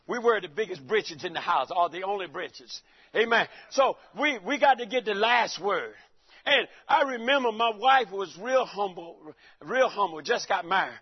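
Man, preacher, high voice, folksy joking sermon, talks to the congregation, church, muffled recording. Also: animated, normal speed, husky. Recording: dull lo-fi recording.

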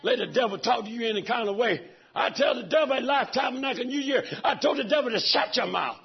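Raspy high-voiced man preaching fervently. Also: fast talker, dull audio. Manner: preaches fervently, swinging from soft talk to shouts. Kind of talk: sermon. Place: church sanctuary.

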